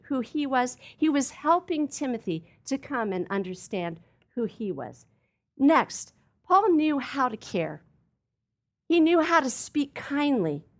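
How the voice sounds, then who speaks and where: A woman preaching a sermon in an earnest, emphatic way, speaking straight to her listeners. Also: a little high. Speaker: Bible teacher.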